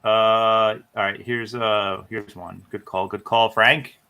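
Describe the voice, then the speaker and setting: A man hosting a casual video-call chat, laid-back, with drawn-out fillers. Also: lowish voice, little pitch movement, sharp tone. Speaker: host.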